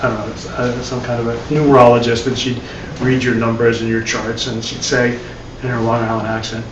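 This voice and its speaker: The audio is dull, with echo, a distant mic and faint hiss, as a man gives a live dharma class talk. This meditation teacher has a mid-range voice and a flat, brisk delivery, speaking conversationally with repeated words and wry asides.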